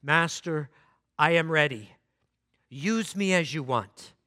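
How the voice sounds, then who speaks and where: A man voicing a gentle, humble male bamboo plant that stammers and pleads, in a story told in a sermon. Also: takes it slowly, no echo, studio quality. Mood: humbly resigned. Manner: stammering, pleading in high cries.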